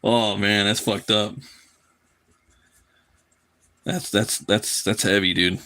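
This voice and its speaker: A man's voice: lowish voice, fairly even intonation, measured pace, pushed and bright. A man chatting casually on a live drawing stream, loose and profane, often repeating his words as he rambles. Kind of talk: casual chat while drawing.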